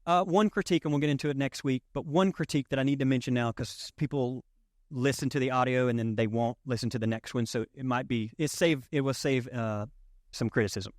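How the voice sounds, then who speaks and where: A man's voice: medium pitch, fairly quick, no echo. Emphatic man preaching, dry sound. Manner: conversational, emphatic preaching with rhetorical questions. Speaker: pastor. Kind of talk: sermon. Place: church sanctuary.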